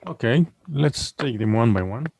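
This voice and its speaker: Gravelly teacher explaining patiently. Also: male voice, mid-range voice, expressive, darkish tone, a little hiss or hum, low-quality recording. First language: Arabic. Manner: patient, explains slowly, repeats words. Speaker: English teacher. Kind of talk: bilingual classroom lesson.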